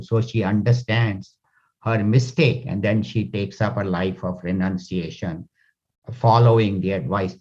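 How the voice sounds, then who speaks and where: A man giving a talk on scripture, retelling a parable in loose, halting sentences. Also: fairly low pitch, steady tone. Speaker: spiritual teacher. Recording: dull lo-fi recording.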